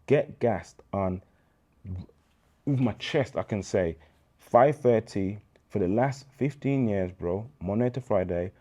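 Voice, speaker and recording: A man in his thirties with a Birmingham accent, telling his life story as an interview guest in an animated, preacher-like way with street slang. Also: fairly low pitch, a little slow. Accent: Birmingham English. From England. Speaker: guest, charity founder. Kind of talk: casual interview chat.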